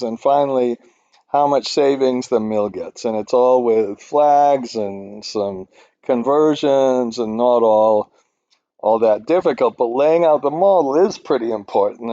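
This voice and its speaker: Man, spreadsheet tutorial, rambling, self-deprecating, mellow voice, dry dull lo-fi sound. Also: medium pitch, no echo. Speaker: finance instructor. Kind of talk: screen-recorded spreadsheet tutorial.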